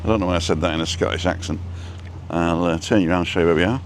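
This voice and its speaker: A man with a low, deep voice chats away casually on a live stream while walking down a street outdoors. He rambles, greets viewers by name, and talks into a phone held on a selfie stick. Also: fairly even intonation, racing, a little hiss or hum. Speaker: vlog host.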